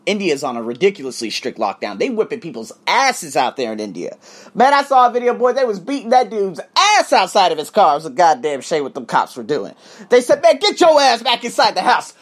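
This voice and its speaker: A husky-voiced man runs his own podcast as a solo motivational talk. His pitch swings all over as he preaches, swearing freely and egging on his listeners. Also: a little fast. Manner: animated, profane, preachy. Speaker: podcast host. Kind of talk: motivational monologue. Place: abroad, living in Thailand.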